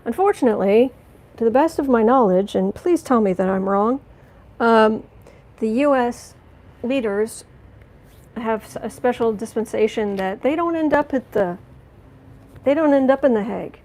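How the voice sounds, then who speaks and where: A woman hosting a live tarot stream, reading cards and answering chat, angry but trying to stay calm, halting with fillers and restarts. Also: a little high. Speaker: tarot reader and livestream host.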